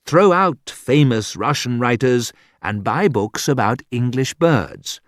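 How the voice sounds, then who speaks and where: A man reading a humorous book aloud as an audiobook narrator, in deliberate scripted narration. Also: mid-range voice, lively intonation, no echo, studio quality.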